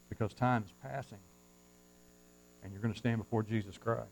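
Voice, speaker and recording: A male pastor preaching a sermon from the pulpit, swinging from hushed asides to loud, fervent surges and reading scripture in formal old-fashioned wording. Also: mid-range voice, steady tone, fast, rough recording. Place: church, at the pulpit.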